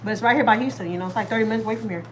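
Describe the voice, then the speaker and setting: A woman's voice: fairly high pitch, very fast, slight background noise, rough recording. A woman, chatting casually and at length with viewers on a live stream from home. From Texas, USA. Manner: chatty and rambling, talks straight to viewers. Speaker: family vlogger hosting a live stream.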